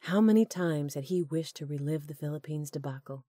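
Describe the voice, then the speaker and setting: A woman narrating a romance audiobook in steady, measured storytelling. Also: low voice, no echo, studio quality. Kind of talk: scripted narration.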